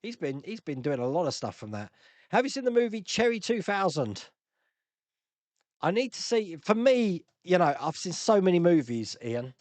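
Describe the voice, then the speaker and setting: A chatty man runs a casual live-stream Q&A, laughing often as he responds to viewer comments. His slightly high, a little mellow voice swings in an animated, sing-song way at normal speed, recorded close and dry with no echo.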